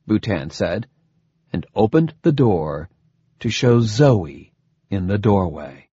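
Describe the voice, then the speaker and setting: Male audiobook narrator, husky, animated delivery, dry close recording. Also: slow pace, no room sound, muffled recording. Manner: steady storytelling with lively pitch. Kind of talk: scripted narration.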